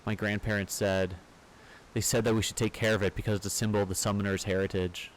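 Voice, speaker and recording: A man's voice: lowish voice, level tone, fast, a little hiss or hum, natural voice, rough recording. A man voicing a spirited little summoner girl who insists she is grown-up, reading the game's dialogue aloud. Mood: earnest.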